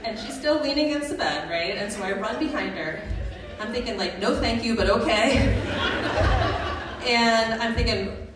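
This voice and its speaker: A woman's voice: fairly high pitch, normal speed, loud music behind the voice, a loud crowd. A woman, a student midwife, telling a personal story on a live stage with comic, self-mocking delivery. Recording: echoey, distant live hall recording with background noise.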